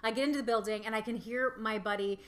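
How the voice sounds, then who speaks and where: A young woman telling a story in a casual, animated way, full of fillers and laughter. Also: on the high side, fast.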